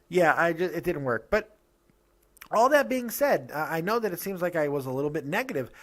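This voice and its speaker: A man hosting a casual wrestling review show, ranting with quick asides and restarts. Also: mid-range voice. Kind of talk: casual opinionated review talk.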